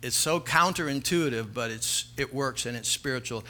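A man's voice: medium pitch, moderate pace, bright, forceful tone. A middle-aged man preaching a sermon as a pastor, telling a story earnestly and building to emphatic exhortation.

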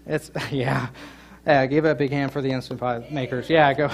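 A middle-aged man preaching a sermon, telling a funny story and joking with his congregation, with loud emphatic peaks. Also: medium pitch, fairly even intonation, brisk. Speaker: pastor. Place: church sanctuary.

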